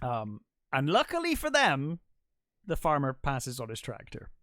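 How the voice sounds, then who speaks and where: A man co-hosting a film podcast, recapping scenes in a relaxed way with fillers and chuckles. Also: medium pitch, a little slow, no room sound, studio quality. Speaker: podcast co-host. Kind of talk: casual film chat.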